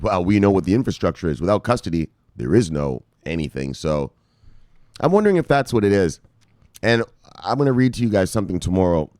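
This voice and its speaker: Host: man, low voice, very lively swings in pitch, dry close sound; casual livestream shout-outs, swears freely. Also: brisk, no room sound. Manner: animated, swears freely, shouts "bang" at each name. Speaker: crypto news show host. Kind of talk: casual live-stream chat reading viewer comments.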